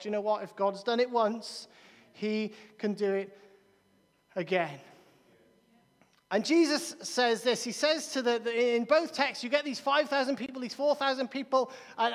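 High-voiced man preaching. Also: moderate pace. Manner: emphatic, repeats key phrases, stumbles on restarts. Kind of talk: sermon. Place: large church hall. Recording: long reverb of a large church hall.

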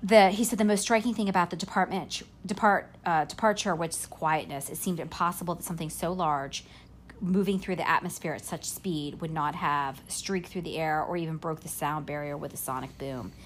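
A woman podcast host retelling a story in casual chat, haltingly, with fillers and self-corrections. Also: sits low, slight background noise.

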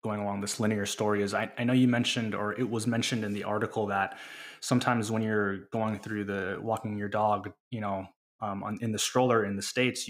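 A man hosting a podcast, asking a guest a question in a hesitant way with fillers. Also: lowish voice. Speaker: podcast host. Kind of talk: interview question.

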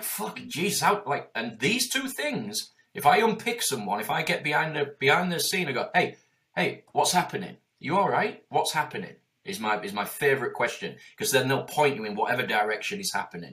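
Middle-aged Yorkshire man, business coach, casual podcast talk; sweary, animated, very expressive pitch. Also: fairly quick. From Yorkshire, England. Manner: animated, swearing, acts out quoted voices.

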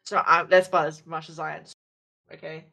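A woman with a gravelly edge to her voice, co-hosting a podcast. She rambles through her explanations in a casual, self-deprecating way, with plenty of fillers and restarts. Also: low-pitched, level tone, fast, sharp tone. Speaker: podcast co-host. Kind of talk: casual chat.

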